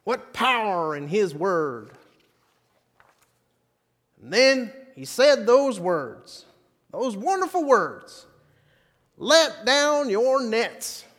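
A man voicing an excitable old-timey Wild West fisherman in a folksy drawl, telling a first-person story during a sermon. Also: high voice, very slow, pauses often, long reverb tail, pitched above the performer's own voice, full character voice. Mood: excited.

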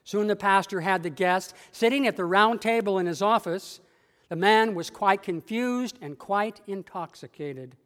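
A male pastor delivering a story sermon in a church with a measured, dramatic storytelling manner. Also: high voice, a bit bright, in a large hall.

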